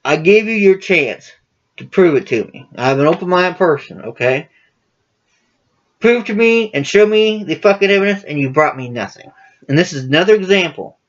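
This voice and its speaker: A man's voice: sits high, a bit bright, muffled recording. A man hosting his own political commentary channel, ranting casually to camera in a profane, combative, heated way.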